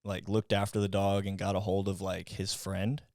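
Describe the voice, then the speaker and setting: Low-voiced swearing young man. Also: monotone, moderate pace, a little mellow, dry recording, studio quality. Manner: swearing, storytelling, laughs often. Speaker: podcast co-host. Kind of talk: casual chat.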